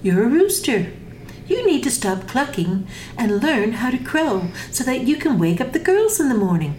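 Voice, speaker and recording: A woman voicing a calm, matter-of-fact cat in a gentle, patient, instructive way. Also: on the high side, moderate pace, a little hiss or hum. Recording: echoey room.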